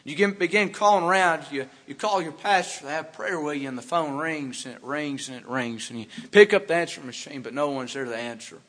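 A man pastor preaching a sermon in a church, fervent, swinging between hushed passages and loud emphatic ones. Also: on the high side, a little fast, few pauses, big-room sound. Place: church sanctuary.

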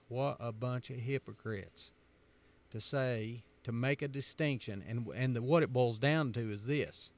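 A man's voice: medium pitch, unhurried. A man from the United States giving an emphatic, sermon-style commentary, driving his points home by repetition.

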